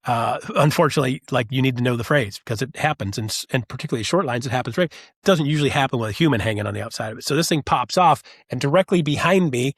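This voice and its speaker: A man telling animated stories as a podcast guest, acting out the voices of people he quotes. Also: medium pitch, fast, slightly rough, no echo, studio quality. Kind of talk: casual storytelling chat.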